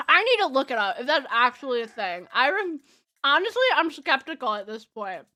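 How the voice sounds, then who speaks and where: A woman's voice: high-pitched, sing-song, a little fast, sharp tone. A young woman streaming a farming game, chatting casually with her viewers, giggling often and talking while she eats. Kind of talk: casual chat while playing. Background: faint game music.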